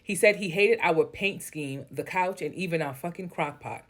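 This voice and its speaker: A woman with a lowish voice reads an online post aloud at a moderate pace. As a story reader and commentator, she breaks off into blunt, candid commentary, swearing freely.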